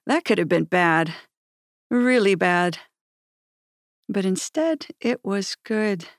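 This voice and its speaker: A woman narrating her own memoir in a measured, earnest storytelling manner. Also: mid-range voice, animated, no echo, clean studio sound.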